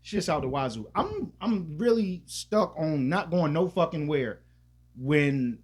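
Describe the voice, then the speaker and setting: A man's voice: a little high, expressive, takes it slowly, breathy edge. A man co-hosting a podcast, telling a loose, profane, rambling story in casual chat with lots of restarts. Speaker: podcast co-host.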